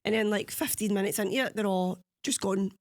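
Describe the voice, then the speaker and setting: Animated Scottish woman, close dry mic. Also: medium pitch, a little fast, no echo. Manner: animated storytelling, swears freely, imitates others. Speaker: podcast co-host. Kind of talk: casual chat.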